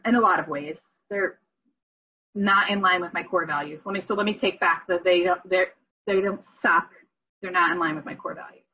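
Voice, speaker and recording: A woman talks through a personal story in a husky, slightly breathy voice, often stopping to correct herself. The sound is dull and lo-fi, like audio from an online call. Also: lowish voice. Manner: rambling, self-correcting, emotional. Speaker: group member sharing. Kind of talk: candid personal sharing.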